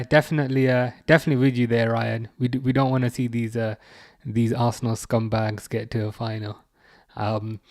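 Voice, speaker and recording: This young Englishman hosts a football watch-along livestream, rambling and mocking viewers as he reads their comments aloud in a chatty way full of fillers and restarts. His voice sits in the mid-range, and the studio-quality recording has no room sound.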